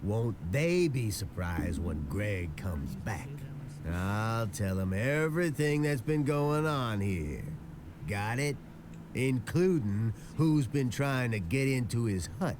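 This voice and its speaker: An actor playing a shifty pirate camp deputy who blusters, then bargains, in a video game. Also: male voice, mid-range voice, expressive, background noise. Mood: threatening. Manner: blustering then wheedling, slow deliberate delivery.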